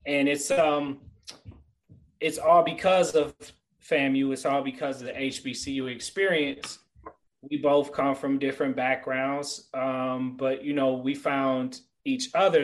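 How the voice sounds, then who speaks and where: Animated, earnest man telling stories. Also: medium pitch, rough recording. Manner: animated storyteller; earnest, motivational. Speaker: guest. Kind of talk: casual podcast chat.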